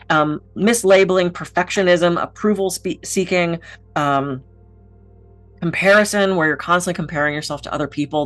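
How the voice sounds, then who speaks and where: A woman's voice: fairly low pitch, fairly bright tone. A woman giving a motivational talk to camera as a mind-body speaker, frank and encouraging, swearing casually now and then.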